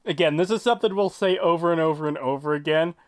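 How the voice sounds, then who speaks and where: A man's voice: fairly high pitch, fast. A man co-hosting a podcast, chatting bluntly and casually about a TV show, swearing now and then. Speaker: podcast co-host. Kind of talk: casual chat.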